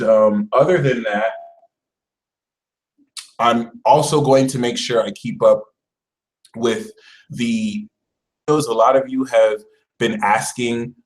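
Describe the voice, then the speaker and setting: A man hosting a casual astrology live stream, talking in a chatty, animated way and putting on mock voices. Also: mid-range voice, poor audio. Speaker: astrology channel host.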